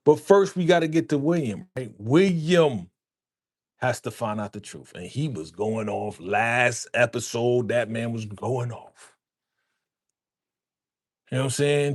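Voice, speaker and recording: A man chatting on a live stream in a loose, slangy way, addressing his viewers as fam and repeating phrases. His voice sits at an ordinary middle pitch for a man and is picked up close on a podcast microphone. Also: animated, slow pace. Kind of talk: casual live-stream chat. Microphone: podcast dynamic microphone.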